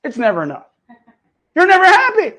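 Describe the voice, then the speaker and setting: A man hosting, coaching a live audience in an animated, profane, mocking way. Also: very high voice, a little fast. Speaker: host.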